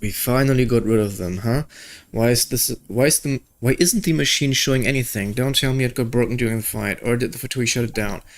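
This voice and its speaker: A man's voice: medium pitch, a little fast. A young man chatting casually and joking while playing a game, reading its dialogue aloud. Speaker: gaming video creator.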